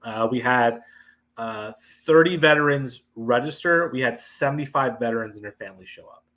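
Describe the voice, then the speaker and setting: A man's voice: medium pitch, normal speed, fairly bright tone, rough recording. A man guest on a podcast, telling about his veterans' events in a hesitant way with many fillers. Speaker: guest, veterans foundation leader. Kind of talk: casual podcast interview.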